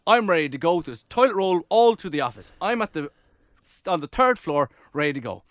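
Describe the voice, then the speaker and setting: A man's voice: on the high side, fairly quick, no echo, studio quality. A man co-hosting a podcast, telling a story with lots of acted-out dialogue. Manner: lively storyteller, acts out dialogue. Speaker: podcast co-host. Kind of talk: casual chat.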